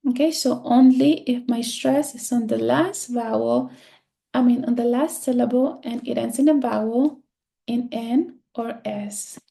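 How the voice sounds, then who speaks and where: A woman teaching a screen-share lesson, speaking slowly and patiently and repeating words to drill the stress. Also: on the high side, creaky, dark tone. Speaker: Spanish teacher.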